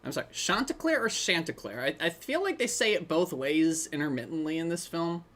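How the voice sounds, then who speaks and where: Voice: mid-range voice, sing-song, fast talker, fairly bright tone. A host talking through a film in a casual commentary, rambling and chatty, with many side remarks. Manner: rambling, chatty, trailing off into asides.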